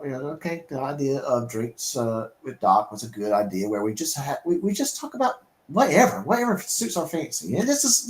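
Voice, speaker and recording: Laid-back male host, echoey room. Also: a little high. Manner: easygoing, rambling with fillers. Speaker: podcast host. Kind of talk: casual chat.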